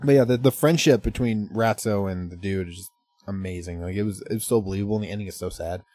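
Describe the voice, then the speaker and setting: A podcast co-host with a low, mellow voice talks fast in casual chat, rambling through movie plots. He laughs a lot and swears freely.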